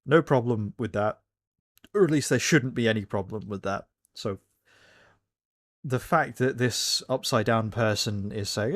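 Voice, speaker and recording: A man giving casual reaction commentary, rambling and often correcting himself. His voice sits at an average pitch and is recorded close and dry, with no room sound. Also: a little slow, dry recording. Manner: rambling, self-correcting, candid. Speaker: reaction video host.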